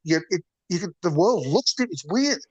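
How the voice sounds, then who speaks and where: A man's voice: sits high, lively intonation, fairly quick, breathy edge, muffled recording. A man, a guest musician, rambling earnestly in casual chat and often trailing off mid-sentence.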